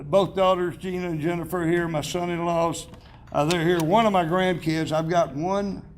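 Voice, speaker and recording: With a fairly high-pitched voice and slight background noise, a man in his seventies accepts an award at a banquet hall podium microphone. His speech is chatty and self-mocking, full of anecdotes, restarts, and chuckles.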